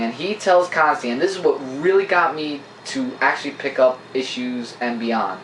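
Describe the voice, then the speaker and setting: An eager man rambles through a plot recap, full of fillers, in a mid-pitched voice. He is recorded in a room that rings with echo, with a faint hiss underneath. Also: animated, moderate pace, hardly any pauses, fairly bright tone. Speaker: comic book reviewer, co-host. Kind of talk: casual review chat, plot recap. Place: indoor room with a camera. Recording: echoey room.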